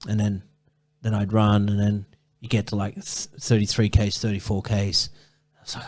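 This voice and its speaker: A man's voice: lowish voice, monotone, normal speed, darkish tone. A man telling a long running story in a casual interview, rambling and swearing, with many restarts. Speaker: ultrarunner guest.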